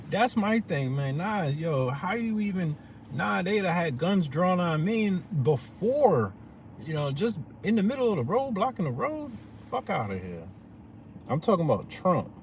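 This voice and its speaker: A man's voice: sits high, very animated, measured pace, slight background noise. A man talking to his viewers in a loose, slangy, profane rant, often asking "you know what I'm saying". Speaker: vlogger.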